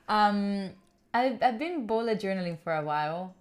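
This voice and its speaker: A woman's voice: medium pitch, expressive, slow, pauses often. A young woman from Italy hosting a study livestream at home, chatting casually and giggling as she answers viewers' questions. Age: young adult. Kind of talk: casual chat with live viewers. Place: room at home.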